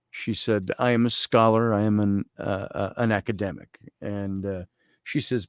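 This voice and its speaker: A man guest, an Egyptologist, telling a story in conversation, animated and quoting others, and slowly reading aloud from a journal. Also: lowish voice, smooth, no echo, studio quality. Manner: animated storytelling with quoted voices.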